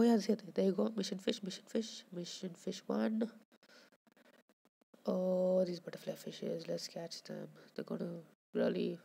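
Woman gaming commentator, mellow dark tone, unhurried and chatty. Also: medium pitch, vocal fry. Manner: chatty, talks to viewers and to the fish on screen. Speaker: gameplay commentator. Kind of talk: casual gameplay commentary.

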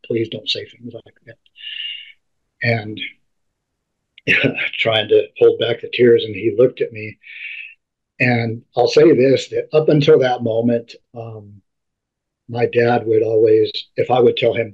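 A man being interviewed, telling a personal story in halting speech that often repeats and restarts words. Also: medium pitch, breathy edge. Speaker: interview guest. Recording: dull lo-fi recording.

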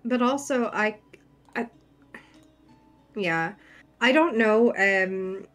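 Young woman co-host, halting and apologetic in casual chat over faint music. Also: mid-range voice, a bit bright. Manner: hesitant, apologetic, many fillers.

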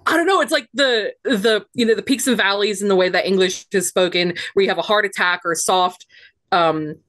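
Brief: female podcast co-host, mid-pitched, talks things through at length with lots of fillers, dry close mic. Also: brisk, a bit bright, no echo. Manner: rambling, thoughtful, explaining at length. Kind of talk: casual chat.

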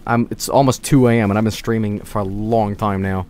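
With a fairly low, steady, darkish voice, a young man streams a game late at night, speaking fairly quickly. He rambles drowsily and trails off in casual gameplay chat, his throat itchy from hay allergy.

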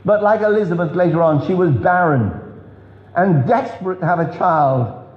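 This is a revival sermon from a large church hall, where an earnest male preacher tells stories, marking emphasis with pauses and pitch drops. The sound is dull and full of hall echo.

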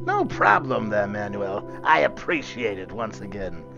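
A man's voice: fairly low pitch, very animated, measured pace, gravelly, heavily acted. A man streaming as a giggly, teasing clown villain, drawn out and theatrical, in a live game. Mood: gleeful teasing. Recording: muffled stream audio with music.

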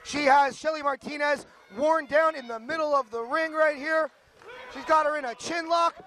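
Man, wrestling play-by-play, very high pitch, bright tone, jokey and teasing. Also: moderate pace. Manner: joking, laughs often, teases partner. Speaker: wrestling commentator. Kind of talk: play-by-play commentary.

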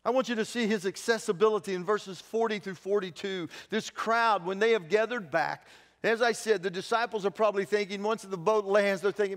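A man's voice: high voice, fairly quick, fairly bright tone. A man preaching a sermon as pastor, telling the story with animation and acting out the voices of people he quotes. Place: church sanctuary. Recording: long church hall reverb.

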